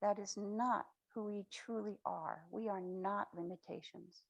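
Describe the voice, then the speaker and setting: A woman speaker giving a spiritual talk at a spiritual center, retelling a story in a slow, reflective, affirming way. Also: medium pitch, steady tone, creaky, dull audio. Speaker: guest speaker.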